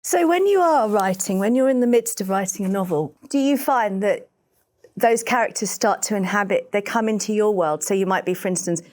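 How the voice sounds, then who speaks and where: A woman at a middle pitch, hosting a library interview. She asks attentive follow-up questions and reads out fan questions in a plain, friendly way. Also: animated, a little fast, a little mellow.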